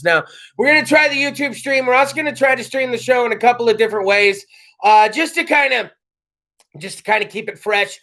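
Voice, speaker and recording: Brief: male host, rowdy and jokey, strikingly high-pitched. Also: a little fast. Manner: loud, joking, rowdy. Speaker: podcast host. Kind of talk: casual comedic chat show. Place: home studio.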